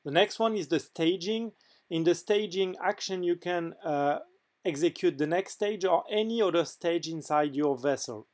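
Higher-voiced man with a French accent. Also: darkish tone. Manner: hesitant, frequent filler pauses. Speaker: game mod developer. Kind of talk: voice-over software demo.

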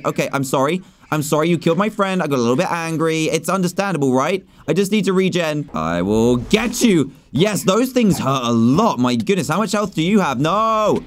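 A man hosting a gaming video, giving excitable, animated let's play commentary that swings between nervous worry and loud cheering. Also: a little high.

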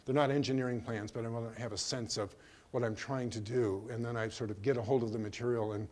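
An older man giving a slide lecture on his own work, speaking in a hesitant way with many pauses and restarts. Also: mid-range voice, steady tone, a little mellow. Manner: hesitant, full of ums and restarts. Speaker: artist giving a museum talk.

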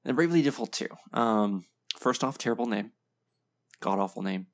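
A man's voice: medium pitch, expressive, moderate pace. A man hosting a casual reaction video, giving blunt, opinionated commentary full of ums and short laughs. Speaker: video game reaction host.

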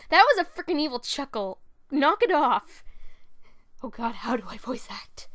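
A chatty young woman talks casually from her bed as she records a voice audition, teasing herself between takes. Her voice sits high, and the bedroom sound is dry and close. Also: lively intonation, normal speed, a bit bright, no room sound. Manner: chatty, self-mocking. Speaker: amateur voice actor.

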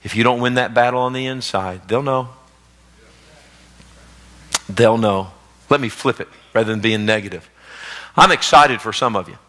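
A man preaching a sermon as pastor, swinging between loud exhortation and hushed storytelling. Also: mid-range voice, brisk. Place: church sanctuary, live service. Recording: long reverb of a church hall.

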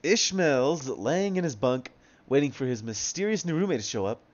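A young man reads a comic with friends and keeps up a chatty, laughing commentary. His voice rises and falls in a lively way. The sound is dull and lo-fi. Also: mid-range voice, moderate pace. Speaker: co-reader. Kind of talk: casual reading aloud with friends.

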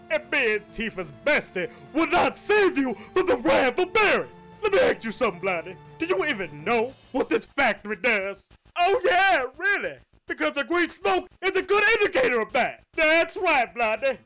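A man performing a loudmouth male rebel leader with a bright, forceful edge to the voice. He swaggers and threatens, every line bossy. The pitch sways widely as he blusters. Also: full character voice. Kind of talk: comedic impression skit.

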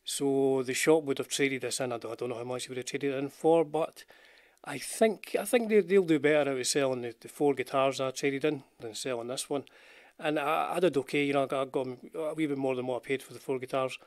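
Rambling and chatty, an older Scottish man who hosts a guitar channel talks guitars with his live-stream audience, greeting chat viewers and running himself down good-naturedly. His medium pitch stays fairly even and his pace is a little fast. He's wearing headphones with a desk mic, in studio-quality audio with no room sound.

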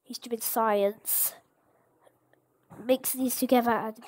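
A woman host giving casual gameplay commentary, excitable and exclaiming at each surprise. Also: fairly high pitch, takes it slowly, pauses often. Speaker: gaming channel host.

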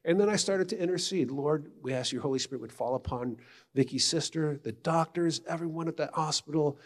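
A middle-aged man giving a retreat talk in a conversational, animated storytelling way. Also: on the high side, brisk. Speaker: retreat speaker. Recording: long hall reverb.

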